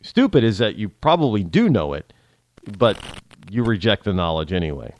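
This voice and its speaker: A man's voice: on the low side, moderate pace, dull audio. A man hosting a talk show, delivering a rambling casual monologue with lots of restarts and repetition. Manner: animated, rambling, repeats himself and spells out names.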